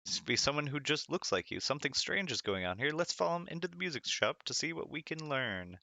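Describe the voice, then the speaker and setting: A man's voice: a little high, sing-song, fast, vocal fry, bright, forceful tone, no room sound. A man streaming a retro adventure game, reading its text aloud in hammy voices and laughing at his own slips.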